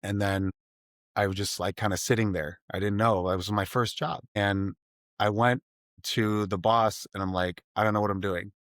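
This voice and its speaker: A middle-aged man with a low voice, talking in a dry, close-miked podcast recording. He is a math teacher who tells classroom stories in an animated way and acts out his students in high voices. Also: normal speed, dry recording. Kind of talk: casual interview conversation.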